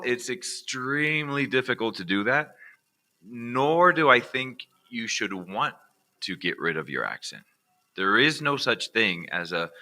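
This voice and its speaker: Bright-voiced American man teaching pronunciation. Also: medium pitch. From United States. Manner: casual, repeats "all right" as a check-in with viewers. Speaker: accent reduction teacher. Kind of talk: recorded online lesson.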